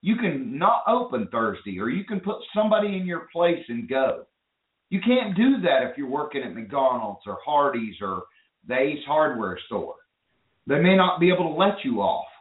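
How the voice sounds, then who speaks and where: A man's voice: a little high, very animated, moderate pace. A man hosting a call-in radio talk show, talking with enthusiasm and rambling with restarts. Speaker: show host. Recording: phone-line audio in an echoey room.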